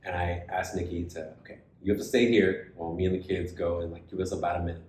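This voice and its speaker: A man co-hosting a podcast, retelling a story in casual chat and acting out the other people's lines. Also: fast talker. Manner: animated retelling, acts out quoted voices. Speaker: podcast co-host. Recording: echoey room with faint rumble.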